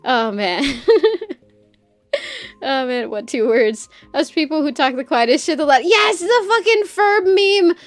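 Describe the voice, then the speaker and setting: A woman streamer chatting casually while she draws, loud and crude, rambling and laughing often. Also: sits high, lively intonation, a little slow, dry recording, soft background music.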